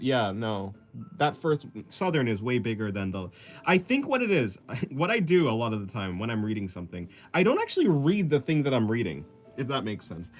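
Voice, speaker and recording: Young guy drawing on stream, rambly, laughs at himself a lot, voice bounces up and down, faint music behind. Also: mid-range voice. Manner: rambling, self-deprecating, laughs often. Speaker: artist streaming while drawing. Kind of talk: casual chat reading viewer comments.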